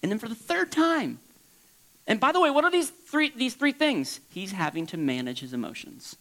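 Male pastor, sermon, bright ringing voice, high-pitched, animated delivery, swings loud and soft. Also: moderate pace, rough recording. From Florida.

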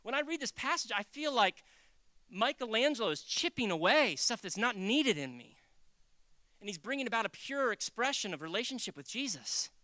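A lively preacher with a bouncy, expressive pitch that climbs and falls constantly. The tone is bright and sharp, and the sound is close and dry, with no room echo. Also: normal speed. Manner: animated, acts out quotes, jokes. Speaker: pastor. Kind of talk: conversational sermon.

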